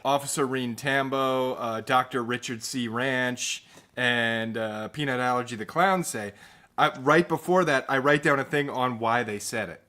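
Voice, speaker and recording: A man co-hosting a podcast in casual chat, playful and quick with jokes. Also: mid-range voice, bright, forceful tone. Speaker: podcast co-host.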